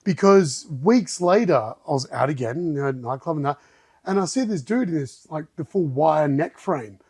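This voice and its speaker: A man telling a story as a podcast guest, animated and acting out other people's lines. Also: a little high, moderate pace, husky, dry recording. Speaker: guest, martial arts gym owner. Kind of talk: casual storytelling in a podcast chat.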